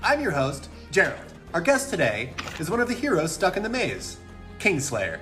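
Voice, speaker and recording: A man's voice: a little high, huge pitch swings, normal speed, fairly bright tone, faint music behind. A man voicing a showy male gossip show host who talks in bubbly announcer patter. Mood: chirpy.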